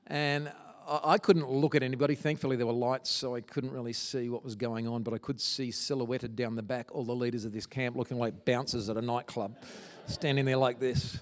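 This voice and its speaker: A man's voice: medium pitch, steady tone, fairly quick, hardly any pauses. A middle-aged man giving an earnest, emotional testimony to a church audience, with stumbling restarts. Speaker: guest speaker. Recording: long hall reverb.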